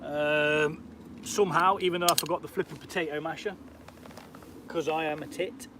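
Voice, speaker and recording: Here a British man streams himself cooking on a camp stove outside, talking casually, swearing a little and responding to viewers' comments. He speaks at a normal speed in a slightly high voice with fairly even intonation, against background noise.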